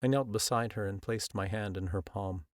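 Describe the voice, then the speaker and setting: A man with a low voice reads a first-person audiobook in a measured, earnest way. The recording is close and very dry, with no room sound at all. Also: no echo. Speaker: audiobook narrator. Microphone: close studio mic.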